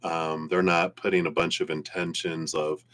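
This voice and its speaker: A man's voice: low-pitched, level tone, moderate pace, fairly bright tone. A man giving a casual live-stream tarot reading, rambling and laughing easily. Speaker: tarot reader.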